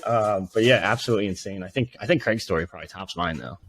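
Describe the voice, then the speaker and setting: Man, fairly low voice, animated storytelling, casual swearing, podcast co-host. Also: quick pace, slight background noise. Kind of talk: casual sports podcast chat.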